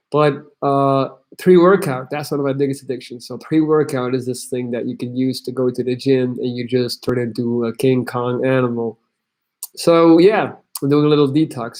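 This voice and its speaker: A man's voice: medium pitch, darkish tone. A young man from Belgium, hosting a livestream where he reads chat messages aloud and gives blunt, crude tough-love advice. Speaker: host.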